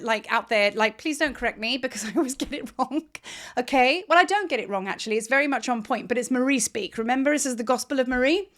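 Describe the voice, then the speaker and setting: A woman's voice: fairly high pitch, fairly bright tone. A woman, a spiritual teacher talking in a chatty, rambling way and laughing often. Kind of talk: casual spiritual vlog monologue.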